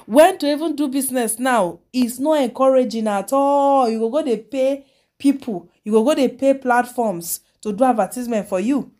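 Woman, Nigerian Pidgin accent, chatty blogger commentary, higher pitch, mellow tone. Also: lively intonation, moderate pace. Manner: chatty, mixes Pidgin and English. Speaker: celebrity news blogger. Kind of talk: casual commentary.

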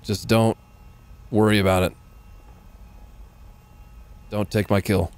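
A man's voice: on the low side, flat delivery, takes it slowly, slight background noise. A man giving casual, joking live commentary while playing a game. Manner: joking, sarcastic, laughs often. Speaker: gaming livestreamer.

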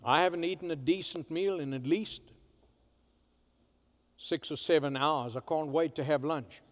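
A male pastor preaching a sermon, swinging from loud emphatic declarations to hushed, quiet asides. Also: a little high, measured pace. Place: church sanctuary. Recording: church hall reverb.

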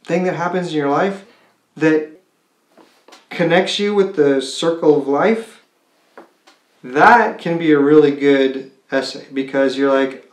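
Man, admissions counselor, chatty explanation, somewhat high voice, echoey room. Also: slow pace, pauses often. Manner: conversational, with many restarts and rhetorical "right?". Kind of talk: explanatory talk to students. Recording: roomy echo.

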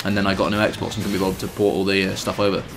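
A young man co-hosting a gameplay video, laughing and excitedly coaching his friend through the game. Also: low-pitched, racing, soft background music. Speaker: co-host watching a gameplay session. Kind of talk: casual let's-play banter.

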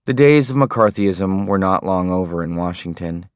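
A man with a very low voice reads an audiobook in a calm, understated manner. He sounds close and dry, as if recorded in a quiet studio booth. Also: normal speed, smooth, no echo. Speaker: audiobook narrator. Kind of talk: scripted narration.

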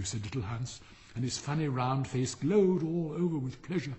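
A man narrating a children's short story in a measured audiobook reading. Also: mid-range voice, lively intonation, darkish tone.

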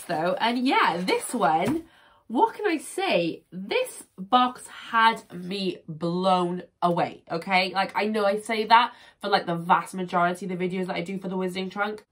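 A woman vlogger in casual chat, sitting at her desk at home. She reads each item's card aloud, then jumps in with chatty, self-mocking asides. Her voice sits at an ordinary middle pitch. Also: a bit bright. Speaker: unboxing vlogger.

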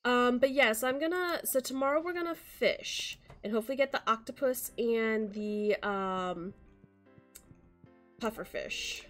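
A woman hosting a casual gaming stream, chatty, with quick bursts of excitement. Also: a little high, faint music behind. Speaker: streamer and channel host.

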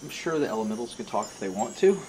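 A man narrating as game master in a tabletop role-playing game, describing events calmly and asking the players what they do. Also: fast talker, slight background noise. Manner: calm, low-key narration that prompts the players.

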